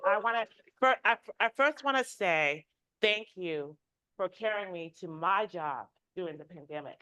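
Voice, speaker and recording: A woman's voice: on the low side, lively intonation, normal speed, pushed and bright. A woman from Oakland, a healthcare worker, giving heartfelt, emotional public comment at a transit board meeting. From Oakland, California.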